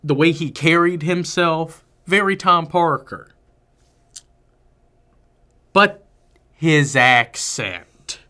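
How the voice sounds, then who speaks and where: A man co-hosting a film review podcast, chatting casually and giving opinionated, emphatic takes. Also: fairly high pitch. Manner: animated, opinionated, drawn-out emphasis. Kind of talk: casual movie review chat.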